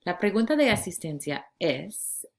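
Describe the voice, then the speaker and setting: A woman in her forties from California, giving a recorded Spanish lesson to her class in slow, clear instructions. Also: fairly low pitch, big pitch swings, a little mellow. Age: 40s. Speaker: Spanish teacher.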